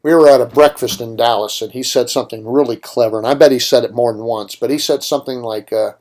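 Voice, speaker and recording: A man's voice: mid-range voice, fairly even intonation, fast talker, a little mellow. A man hosting a political talk radio show, delivering an opinionated monologue with emphatic points and rhetorical questions.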